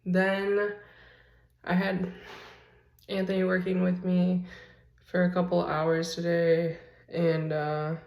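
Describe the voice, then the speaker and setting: A woman's voice: on the low side, level tone, slow, pauses often, echoey room, lo-fi sound. A woman vlogging casually on a handheld phone while walking through her house, rambling and chatty. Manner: rambling, chatty, filler-heavy. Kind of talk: casual chat. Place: basement and rooms of a house, indoors.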